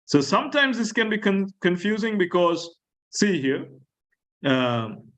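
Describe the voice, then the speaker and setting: A man lecturing a class on Greek grammar, slowly repeating key words and asking his students questions. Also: sits high, sing-song, fairly bright tone, rough recording. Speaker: Greek teacher.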